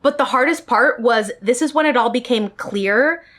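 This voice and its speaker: A woman's voice: fairly high pitch, normal speed, fairly bright tone. A woman telling a personal story in a storytime vlog, speaking directly to her viewers. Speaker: vlogger.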